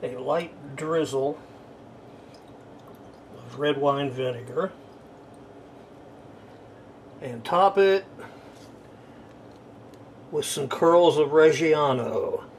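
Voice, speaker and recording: A man's voice: fairly high pitch, takes it slowly, pauses often, slight background noise. A man narrating his own cooking in a home kitchen, dry and wry. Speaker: home cook.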